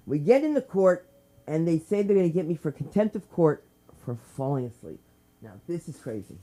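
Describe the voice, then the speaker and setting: A woman's voice: low voice, big pitch swings, normal speed. Rambling New woman doing stand-up. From New Jersey. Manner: rambling, tangent-filled storytelling with swings in loudness. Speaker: stand-up comedian. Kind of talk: stand-up set at an open mic. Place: comedy club stage.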